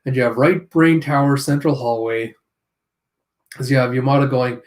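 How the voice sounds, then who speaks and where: A man's voice: medium pitch, darkish tone. A man reviewing a comic chapter in a casual read-through, narrating panels with off-hand, sardonic asides. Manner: narrates panels, slips into quick character voices. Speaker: manga reviewer.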